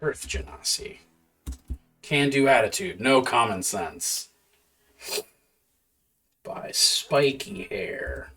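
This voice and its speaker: A man prepping a tabletop campaign out loud, muttering loose notes and swearing now and then. He talks slowly, but his pitch rises and falls a lot. Faint music plays behind him. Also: lively intonation, breathy edge. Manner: mutters half-formed notes to himself, swears casually. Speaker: game master. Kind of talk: thinking aloud while prepping a campaign on a live stream. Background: faint background music.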